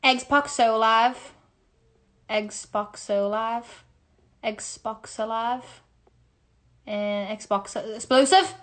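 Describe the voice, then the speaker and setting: A woman's voice: fairly high pitch, fairly even intonation, slow pace, pauses often, a bit bright. A woman with a Scouse accent, playing a word-guessing game into her phone at home, laughing and exclaiming as she goes. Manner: laughing, exclaiming, playful swearing. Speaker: musical theatre performer. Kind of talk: casual selfie video game.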